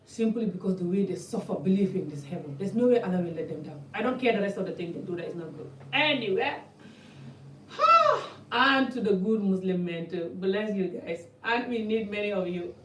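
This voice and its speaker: A woman's voice: medium pitch, big pitch swings, moderate pace, fairly bright tone, a little hiss or hum. A woman vlogger talking passionately to camera in a blunt, rambling way, with some distance from the mic. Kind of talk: personal talk to camera. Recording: echoey room, mic at a distance.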